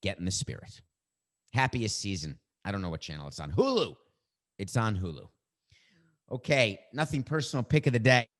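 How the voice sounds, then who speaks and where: A man's voice: fairly low pitch, sing-song, moderate pace, long pauses, a bit bright. Wry, emphatic middle-aged man hosting. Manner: emphatic, wry, stretches words for effect. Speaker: sports podcast host. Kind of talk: opinionated monologue.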